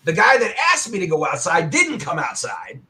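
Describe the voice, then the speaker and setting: A man telling a story with animation and a loud, bellowing voice at times, as a guest on a talk show. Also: on the high side, huge pitch swings, moderate pace. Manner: loud, bellowing when acting out his anger. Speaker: arcade owner and guest.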